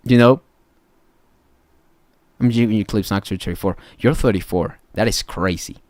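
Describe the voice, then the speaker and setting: A man's voice: lowish voice, normal speed, darkish tone, no echo. A young man live streaming as a beatbox judge, ranting, swearing and mocking people. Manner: mocking, swears, mimics people in silly voices.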